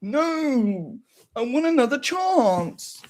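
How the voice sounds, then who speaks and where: A man voicing a whiny grown son who pleads with his mother in a high, whimpering voice. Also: big pitch swings, extremely slow, full character voice. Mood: pleading.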